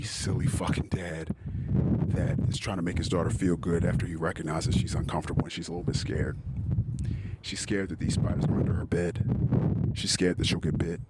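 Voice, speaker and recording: A man's voice: low-pitched, flat delivery, fairly quick, heavy background noise. A man hosting a podcast, talking emotionally and profanely in a personal monologue about his daughters. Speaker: podcast host.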